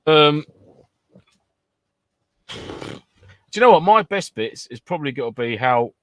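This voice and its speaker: A man's voice: fairly high pitch, sing-song, measured pace, fairly bright tone. A man co-hosting a casual podcast chat, bantering and laughing often. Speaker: podcast co-host.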